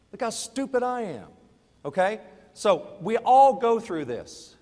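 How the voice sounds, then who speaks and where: Middle-aged man, motivational speaker, storytelling, raised pitch, long hall reverb. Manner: storytelling, shifts between quiet confession and loud urging. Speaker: network marketing speaker. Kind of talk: motivational talk to a live audience.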